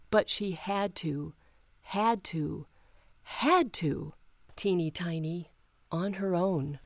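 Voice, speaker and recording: A woman reading children's picture books aloud, slow and expressive, giving the characters their own voices. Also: fairly low pitch, dry recording, clean studio sound. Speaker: children's storytime reader.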